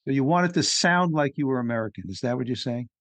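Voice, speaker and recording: A man's voice: mid-range voice, fast talker, a bit bright, no echo. A man hosting a podcast, chatting and asking his guest questions. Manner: conversational, asks leading questions. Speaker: podcast host. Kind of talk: interview.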